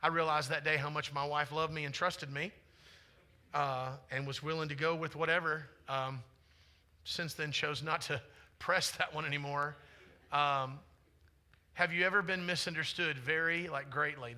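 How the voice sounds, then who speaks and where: Male pastor, forties, high and very bright voice, chatty storytelling sermon with questions to the congregation. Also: normal speed. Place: church sanctuary.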